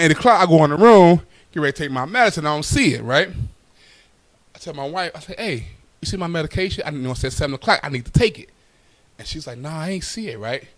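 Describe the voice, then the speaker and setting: A young adult man telling a stand-up story in loose, casual talk full of fillers, animated and laughing at his own jokes. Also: on the high side, no room sound. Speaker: stand-up comedian.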